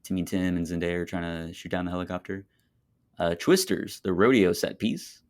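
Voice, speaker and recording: A young man co-hosting a casual movie podcast, enthusiastic and quick to laugh. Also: low voice. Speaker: podcast co-host.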